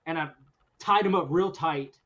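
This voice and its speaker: A man with a notably high voice spins a story for his podcast co-hosts, animated and breaking into laughs along the way. The recording is muffled and lo-fi. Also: moderate pace, noisy background. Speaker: podcast host. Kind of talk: casual storytelling chat. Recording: dull lo-fi recording.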